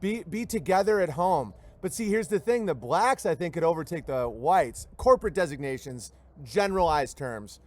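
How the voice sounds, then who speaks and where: A man's voice: on the high side, animated, normal speed, hardly any pauses. A man hosting a livestream show, ranting in a rambling comic way, reading viewer messages and acting out the voices he quotes. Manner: sardonic, acts out quoted voices mid-sentence. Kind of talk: rambling comedic rant.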